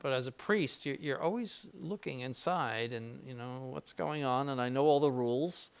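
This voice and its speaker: An older man speaking to seminarians in a loose, conversational way, often stumbling over and repeating his words. His voice has a gravelly, creaky texture at an ordinary middle pitch, and he slips in dry, ironic asides. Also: moderate pace. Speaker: bishop giving a spiritual conference to seminarians. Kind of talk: informal spiritual conference.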